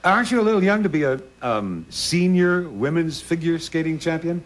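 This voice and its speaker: A man's voice: on the high side, expressive, moderate pace. Guy on a quiz panel, dry and wry, voice goes up and down a lot. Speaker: game show panelist. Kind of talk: quiz questioning.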